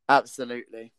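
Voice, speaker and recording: A woman's voice: extremely low pitch, clear, resonant tone, no echo. A woman hosting a comedy radio show, chatting playfully and giggling through silly stories. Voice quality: giggly, goofy, animated storyteller.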